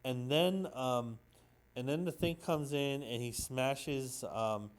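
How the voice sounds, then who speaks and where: A man's voice: medium pitch, slow pace. A man casually recapping a comic book issue on his own, talking in a rambling, hesitant way with many ums and restarts. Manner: sentimental about the story.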